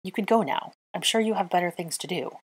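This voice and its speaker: Woman reader voices a haughty young wizard from a storybook reading; drawling and biting, in a low husky tone. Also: quick pace. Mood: scornful.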